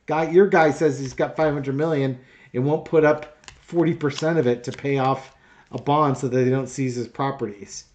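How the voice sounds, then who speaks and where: A man's voice: medium pitch, fairly even intonation, moderate pace, darkish tone. A man hosts his own tarot channel in a casual monologue. He is sarcastic and exasperated and rambles with plenty of fillers. His voice sits in a middling register. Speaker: tarot reader and channel host.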